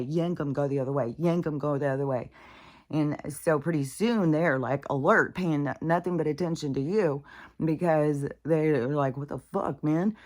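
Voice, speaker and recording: A woman vlogger talking in a casual, rambling monologue, candid and profane, dropping now and then into whispered asides. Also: sits low.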